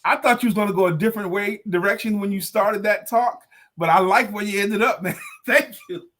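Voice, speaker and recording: A man's voice: high-pitched, fairly quick, a bit bright. A man co-hosting a talk show, reacting with enthusiasm and retelling advice in a casual way. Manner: enthusiastic, exclaiming. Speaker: co-host, sales coach. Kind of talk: casual chat.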